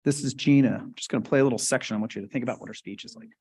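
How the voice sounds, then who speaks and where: A man's voice: medium pitch, rapid-fire, a little mellow, husky. A man giving a live lecture at a medical conference, explaining terms casually and checking in with the audience. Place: conference hall.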